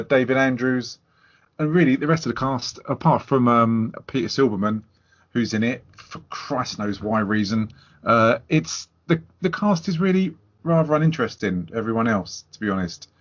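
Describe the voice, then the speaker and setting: A man's voice: medium pitch, normal speed, highs cut off. A man co-hosting a casual film review podcast, teasing the others sarcastically and sharing trivia. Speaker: podcast co-host.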